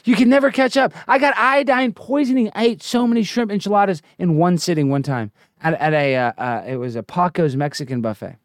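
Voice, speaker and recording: A man hosting a comedy show, delivering a brash, swaggering rant that keeps slipping into sing-song chants and sudden shouts. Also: on the high side, fairly quick, no echo, clean studio sound.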